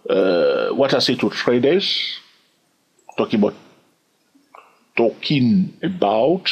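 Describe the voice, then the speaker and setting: Husky French-accented trading teacher, lively pitch. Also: male voice. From France. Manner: repetitive, asks "yes or no?" often; says "blah, blah" to skip steps. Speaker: trading educator. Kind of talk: screen-share chart lesson.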